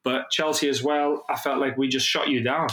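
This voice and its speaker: Animated, swearing male podcast co-host. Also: medium pitch, echoey room, slight background noise. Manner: animated, swears freely, quick restarts. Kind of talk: casual sports chat.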